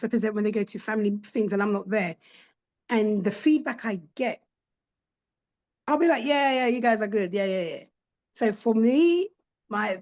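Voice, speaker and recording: A woman's voice: fairly high pitch, a little mellow. A woman, a podcast guest telling stories in a casual chat and acting out the voices of the people she quotes. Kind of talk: casual storytelling interview.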